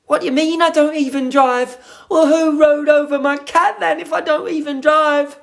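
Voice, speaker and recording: A man's voice: very high voice, fairly even intonation, normal speed, creaky, voice pushed up. A man voicing a flustered, indignant man who protests that he ran over his cat.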